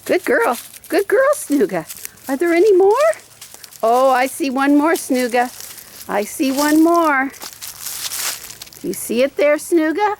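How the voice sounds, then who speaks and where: Sing-song high-pitched woman coaxing a dog. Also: lively intonation, takes it slowly, slight background noise. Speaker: preschool teacher. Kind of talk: video message to preschoolers.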